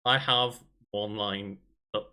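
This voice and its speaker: A man's voice: lowish voice, fairly even intonation, slow, sharp tone. Man, casual podcast chat, laughs often, loose storytelling. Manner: laughs often, tells stories with many fillers. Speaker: podcast co-host.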